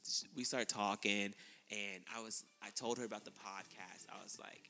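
A man co-hosting a podcast, telling a story in casual chat, laughing often and acting out quotes in a high voice. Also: bright, forceful tone, in a large hall. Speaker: podcast co-host.

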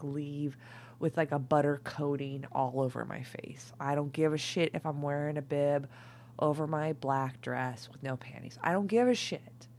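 A tipsy woman doing a casual, rambling tarot reading, swinging between loud outbursts, laughter and whispers. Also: deep voice, a little hiss or hum. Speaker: tarot reader.

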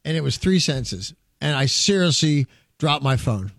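A man with a slightly high, gravelly voice chats on air about his concert business. He tells his stories eagerly, stumbles and repeats words, and acts out what others said. The sound is dry and close. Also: moderate pace, dry recording. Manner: excited storyteller, quotes people, repeats words. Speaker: guest, concert promoter. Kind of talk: casual radio chat.

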